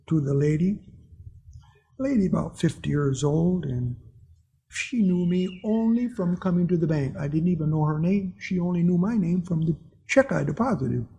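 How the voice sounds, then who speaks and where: A man's voice: a little high, vocal fry, mellow, husky. A man preaching a sermon to his congregation, telling personal stories in an earnest way and chuckling at his own anecdotes.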